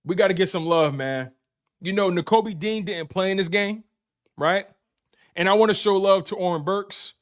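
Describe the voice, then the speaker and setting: A man's voice: high-pitched, normal speed. A man hosting a live-stream sports recap, hyped and talking straight to his chat, repeating phrases for emphasis. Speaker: sports show host. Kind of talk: excited live-stream recap with super chats.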